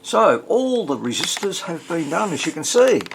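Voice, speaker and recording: A man's voice: sits high, normal speed, creaky, a little hiss or hum. Rambling man in his workshop. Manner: rambling, relaxed, lots of fillers. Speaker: radio restorer. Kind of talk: casual workshop vlog.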